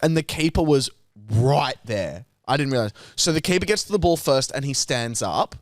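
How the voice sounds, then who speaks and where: A young man, co-hosting a podcast, telling a story in casual chat, animated and sweary, acting out other people's lines. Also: medium pitch, normal speed, dry recording. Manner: animated, sweary, acts out quotes. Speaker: podcast co-host.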